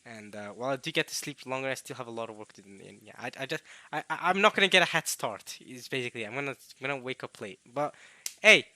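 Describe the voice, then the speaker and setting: Young male let's play host: worn-out, strained voice with a sharp bright edge, halting casual delivery. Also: medium pitch, expressive, no echo. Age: young adult. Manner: rambling, halting, with coughs and throat-clearing. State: tired, strained voice. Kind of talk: casual late-night let's play commentary.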